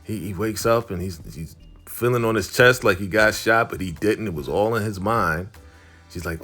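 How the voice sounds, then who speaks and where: A man's voice: lowish voice, normal speed, soft background music. Laid-back man recapping a TV episode. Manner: animated storytelling, chuckles often, acts out characters' lines. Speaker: show recap host. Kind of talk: casual TV recap vlog.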